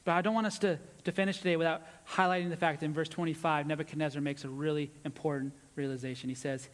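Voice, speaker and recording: Man preaching, fairly high voice, earnest, softening for emphasis, long hall reverb. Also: steady tone, fast talker. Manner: earnest preaching, drops low and soft for emphasis. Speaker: pastor. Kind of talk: sermon.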